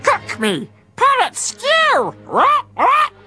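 A man's voice: very high voice, wildly swooping pitch, extremely slow, bright, forceful tone, soft background music, voice pushed up, exaggerated voice. A man voicing a frantic female parrot who squawks and repeats one word in a storybook reading. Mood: frantic squawking.

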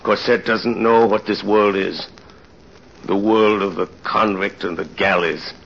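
An actor playing a tormented aging ex-convict father in an old-time radio drama, speaking in a somber, halting way. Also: on the low side, fairly even intonation, a bit bright, highs cut off, a little hiss or hum. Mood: grave.

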